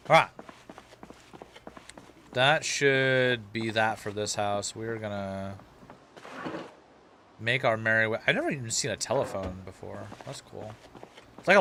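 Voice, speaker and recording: A man streaming a game live, commenting as he plays, excitable and quick to swear in frantic reactions. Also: fairly low pitch, a little hiss or hum. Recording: loud music under the voice.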